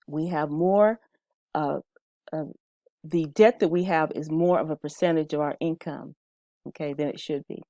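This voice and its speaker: A woman's voice: deep voice, fairly even intonation, moderate pace, warm tone, no echo, dull audio. A woman instructor giving a casual talk-style lesson, often checking in with her listeners. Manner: conversational, checks in with "okay?".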